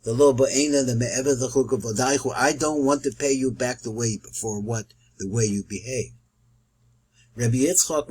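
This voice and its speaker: A man's voice: mid-range voice, husky, low-quality recording. A man teaching a recorded Torah study lesson, explaining Hebrew and Aramaic quotations as he goes.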